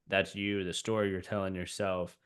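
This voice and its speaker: A man hosts a podcast interview, chatting casually and agreeing with his guest. His voice is very deep, and the tone is smooth and resonant. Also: flat delivery, moderate pace, fairly bright tone. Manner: casual and affirming, many fillers. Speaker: podcast host.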